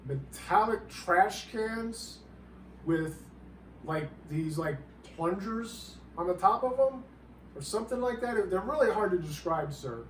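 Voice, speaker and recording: A man in a comedic monologue, rambling and halting while he keeps politely calling his listener sir. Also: high voice, a little hiss or hum. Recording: roomy, distant mic, faint background ambience.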